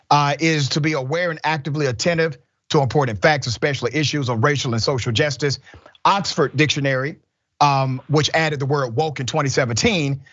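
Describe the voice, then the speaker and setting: Measured man questioning at a hearing. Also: fairly high pitch, a bit bright, no echo, highs cut off. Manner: measured, reads definitions deliberately. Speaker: lawmaker questioning a witness.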